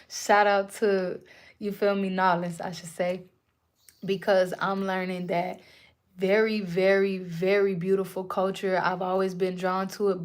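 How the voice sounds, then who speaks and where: A young woman giving a live channeled spiritual reading to her viewers, speaking in a casual, slangy, animated way. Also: lowish voice. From Puerto Rican and Native American roots. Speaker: spiritual reader. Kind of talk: live-streamed channeled message.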